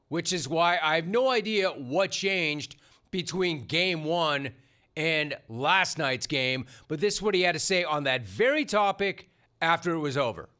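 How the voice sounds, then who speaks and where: A man's voice: on the high side, bright, forceful tone, slight background noise. A middle-aged man hosting a sports talk show, delivering an opinionated monologue in a punchy, sarcastic way. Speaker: sports radio host.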